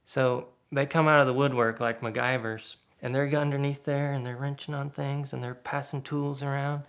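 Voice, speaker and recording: A man with a gravelly, creaky edge to his voice tells a casual anecdote. His pitch sits in an ordinary middle range. He keeps the telling lively and acts out what other people said. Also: normal speed. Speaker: guest storyteller.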